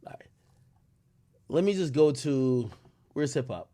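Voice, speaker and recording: A man's voice: mid-range voice, animated, measured pace, no echo. A man streaming live, chatting loosely with his viewers and swearing freely. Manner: loose and profane, reacting to chat, swings loud and quiet. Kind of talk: casual livestream chat.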